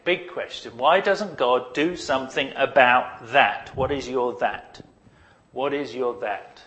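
A man's voice: medium pitch, creaky, a bit bright. Conversational man preaching. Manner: conversational and humorous, emphatic. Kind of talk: sermon.

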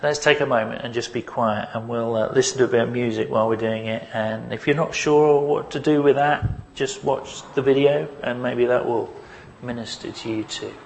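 A man preaching a sermon as pastor, earnest and questioning, leading the listeners into a quiet reflection. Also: medium pitch, fairly even intonation, normal speed, gravelly, few pauses, a little hiss or hum, low-quality recording.

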